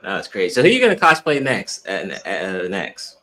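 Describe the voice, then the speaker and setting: Man, stream host, casual chat, dry wry reactions, very low pitch, bright tone. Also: huge pitch swings, brisk.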